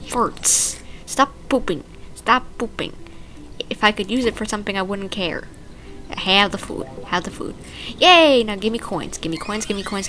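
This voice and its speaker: A woman's voice: mid-range voice, bright, forceful tone, a little hiss or hum. A young woman playfully commenting on a video game as she plays, reading the on-screen text aloud. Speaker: let's play gamer. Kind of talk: casual gameplay commentary.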